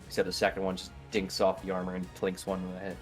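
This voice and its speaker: Excitable man playing a tabletop game. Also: sits low, quick pace, loud music behind the voice. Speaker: player.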